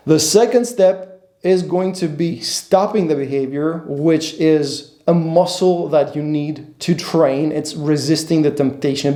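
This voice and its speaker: A man's voice: fairly high pitch, warm tone. Blunt dating coach, man, echoey room. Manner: blunt, emphatic, repeats points, casual swearing. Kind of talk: instructional monologue.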